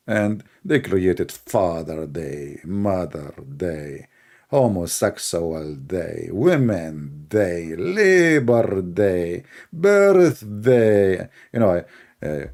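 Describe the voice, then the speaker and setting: A man's voice: low voice, big pitch swings, slow, a little mellow. A man hosting a mocking commentary show, sarcastic and chuckling at his own jokes. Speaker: show host.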